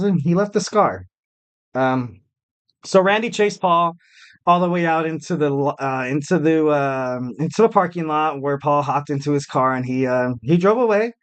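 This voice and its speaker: A man hosting a wrestling podcast in a casual, chatty way, with lots of fillers and restarts and some jokes at his own expense. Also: mid-range voice. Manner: chatty, many fillers and restarts, jokey self-mockery.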